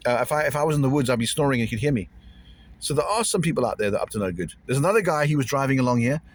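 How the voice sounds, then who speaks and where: Fast-talking uneasy rambling man. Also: medium pitch, animated. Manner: rambling, repeats himself, uneasy. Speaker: vlogger. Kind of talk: casual to-camera vlog.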